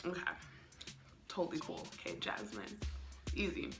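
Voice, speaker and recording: A woman's voice: sits low, big pitch swings, moderate pace, over music. A young woman telling a casual storytime, chatty and full of "like" and "um.". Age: young adult. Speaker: vlogger.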